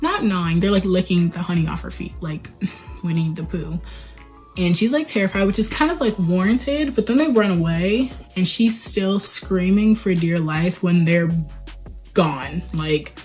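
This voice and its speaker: A woman giving a casual movie commentary, retelling scenes in an animated, sarcastic way and swearing now and then. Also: on the low side, a little slow, faint music behind. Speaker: movie reviewer, channel host.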